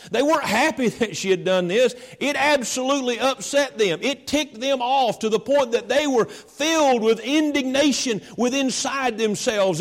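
A male preacher delivering a sermon, emphatic and repetitive as he lists his points. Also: high-pitched.

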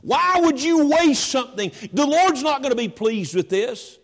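A man's voice: very high voice, big pitch swings, unhurried, pitched above the performer's own voice, exaggerated voice. A male preacher acting out angry disciples who scold a woman, raising his voice accusingly. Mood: indignant.

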